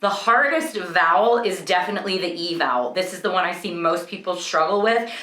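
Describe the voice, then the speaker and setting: A young woman vocal coach teaching a singing lesson, explaining clearly and breaking into sung vowel demonstrations. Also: on the low side, animated, brisk, bright, forceful tone, echoey room.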